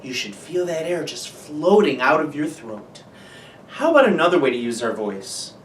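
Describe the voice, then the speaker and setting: Patient teacher in an echoey room. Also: female voice, low voice, big pitch swings, normal speed, a little hiss or hum. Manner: patient, demonstrates each voice type. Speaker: music teacher. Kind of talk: children's lesson, call and repeat. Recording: roomy room from a distance.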